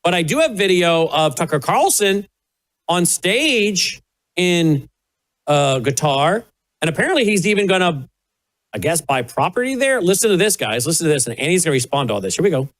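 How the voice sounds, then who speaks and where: Male host, fairly high voice with lots of swing, folksy and thinking out loud between clips. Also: sing-song, normal speed. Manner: chatty, folksy, thinks aloud. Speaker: talk show host. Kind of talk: casual commentary.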